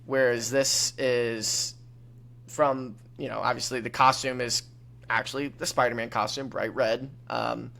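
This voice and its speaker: A man's voice: medium pitch, level tone, unhurried, creaky, sharp tone. A man co-hosting a movie podcast, talking in loose, rambling sentences full of fillers. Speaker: podcast co-host. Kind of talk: casual movie podcast chat.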